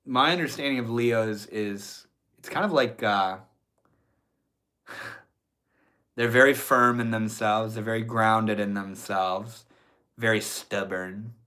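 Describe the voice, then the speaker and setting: Low-ish guy on a livestream, slow and easygoing, kinda bright sound, lots of ums. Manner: unhurried, thinking aloud with fillers. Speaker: livestream host. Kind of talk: casual livestream chat.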